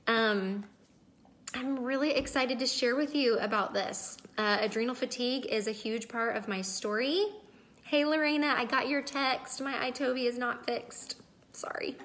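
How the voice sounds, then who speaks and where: A woman's voice: fairly high pitch, fairly bright tone. A woman in her thirties hosting a casual live video, chatting to viewers, greeting them by name and sounding emotional and close to tears. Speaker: wellness livestream host.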